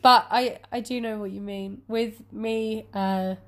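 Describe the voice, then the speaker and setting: A woman's voice: mid-range voice, fairly even intonation, takes it slowly. A woman in her early twenties in casual chat, chatty and self-deprecating, often laughing at herself. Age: 20s.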